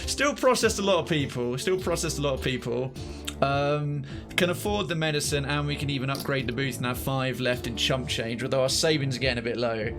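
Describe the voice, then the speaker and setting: Streamer, male, casual play-by-play, swears and jokes, slightly high voice, faint music behind. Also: animated, normal speed. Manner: chatty, swears, jokey, talks to himself while playing. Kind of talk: casual gameplay commentary.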